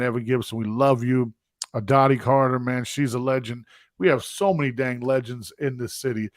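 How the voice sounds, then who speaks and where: Excitable male live-stream host, effusive, dry close sound. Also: mid-range voice, no echo. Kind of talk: live stream shout-outs.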